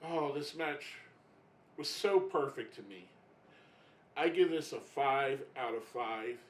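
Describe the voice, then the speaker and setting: A man giving a casual spoken review, emotional and halting, often getting choked up and restarting his sentences. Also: mid-range voice, lively intonation, roomy sound, rough recording. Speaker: wrestling reviewer.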